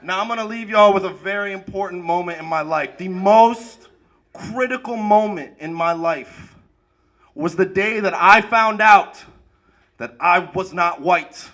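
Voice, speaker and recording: A man doing a stand-up comedy set on a club stage, energetic delivery that rises to shouted punchlines. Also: sits high, unhurried. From Arab American.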